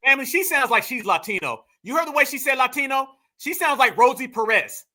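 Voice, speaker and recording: A man hosting a live stream, reacting to a clip with loud, mocking, dismissive commentary and lots of repetition. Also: extremely high pitch, expressive, brisk. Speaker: livestream host.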